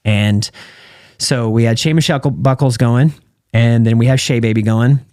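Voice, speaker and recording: A man's voice: mid-range voice, moderate pace, dry recording, clean studio sound. A man in his thirties with an American accent, a guest on an interview show, telling stories casually and acting out the dialogue. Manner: animated storyteller who acts out quoted dialogue. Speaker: guest, retired champion calf roper and entrepreneur.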